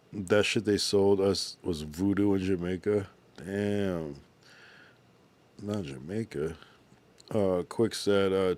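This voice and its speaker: Young dude streaming, real deep voice, sleepy and yawny, just rambling with chat. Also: male voice, darkish tone. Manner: laid-back, drowsy, talks in loose run-on asides with slang. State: sleepy, yawning. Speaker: livestreamer. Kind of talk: casual livestream chat reading viewer comments.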